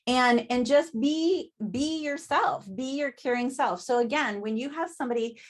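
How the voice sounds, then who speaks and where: A woman's voice: high-pitched, moderate pace. A woman giving a chatty sales training talk over a video call, often laughing and asking "right?".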